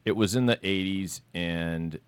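A man with a very deep voice hosts a casual talk show. He tells long, rambling stories full of restarts and laughs. The sound is dry and close, with no room echo. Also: measured pace, smooth. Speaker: podcast host. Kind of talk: casual chat, storytelling.

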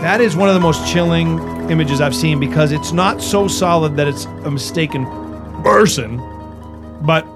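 A man's voice: on the high side, normal speed, over music. A man hosting a podcast, chatting casually and joking as he reads listener posts aloud. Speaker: podcast host.

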